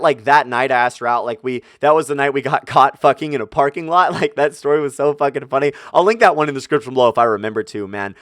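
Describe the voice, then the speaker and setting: A man's voice: medium pitch, fairly bright tone, no room sound, clean studio sound. A young man telling a personal story to his viewers, swearing freely and acting out his own angry outbursts. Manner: profane, ranting, acts out his own outbursts. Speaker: vlogger. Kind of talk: casual storytelling.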